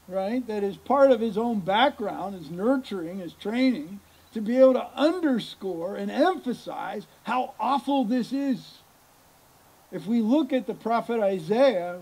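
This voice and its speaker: Guy pastor preaching outdoors, husky mellow voice, real emphatic, keeps asking the crowd stuff. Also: high voice, low-quality recording. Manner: emphatic, repeats words for stress, asks the listeners questions. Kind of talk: sermon.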